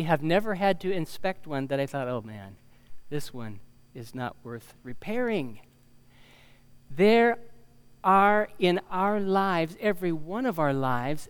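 A man preaches a sermon conversationally, dropping in fillers and asides, reading from scripture, and growing louder on key phrases. His voice is smooth and a little high.

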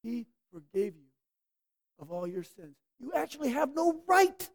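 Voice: high voice, very animated, unhurried. A preacher delivering a sermon, emphatic, drawing words out and pressing the listeners with rhetorical questions.

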